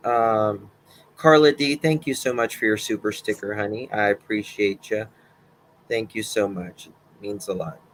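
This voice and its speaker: A man's voice: fairly low pitch, normal speed, slight background noise. A man co-hosting a casual livestream, agreeing along and reading out viewer messages. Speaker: livestream co-host.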